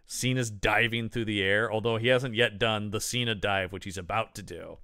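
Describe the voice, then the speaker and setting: A man's voice: lowish voice, normal speed, clear, resonant tone, dry recording, studio quality. A man co-hosting a movie podcast, chatting casually and emphatically, acting out quotes as he talks. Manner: animated, emphatic, acts out quotes. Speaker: podcast co-host. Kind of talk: casual movie review chat.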